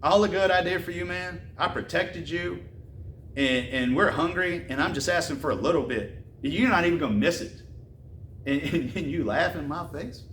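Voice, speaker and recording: A man's voice: fairly high pitch, normal speed, a bit bright, slight background noise, lightly acted. Man doing a wronged young warrior, indignant and pleading, roomy and distant. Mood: aggrieved. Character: aggrieved young warrior, proud and hot-tempered. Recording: roomy and distant with faint ambience.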